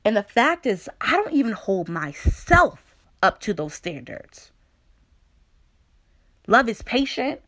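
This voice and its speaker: A woman giving a personal devotional talk, candid and conversational, with playful asides and slow, deliberate scripture reading. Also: on the high side, sing-song, a bit bright. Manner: reads scripture slowly and deliberately. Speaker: speaker sharing a faith testimony.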